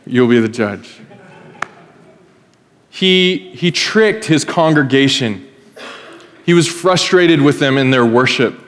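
Animated preacher in an echoing church hall. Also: male voice, medium pitch, slow pace, pauses often. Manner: conversational storytelling, acts out quoted voices. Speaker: pastor. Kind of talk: sermon. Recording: long reverb in a hall.

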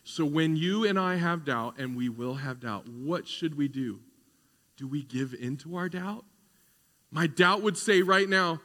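Pastor, male, fairly high bright voice, conversational sermon that swells into fervor, hall echo. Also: animated, unhurried. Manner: conversational preaching that builds to fervent emphasis.

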